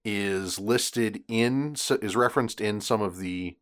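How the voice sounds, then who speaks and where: A man co-hosting a casual podcast, sharing background trivia in a relaxed way. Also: lowish voice, takes it slowly. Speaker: podcast co-host.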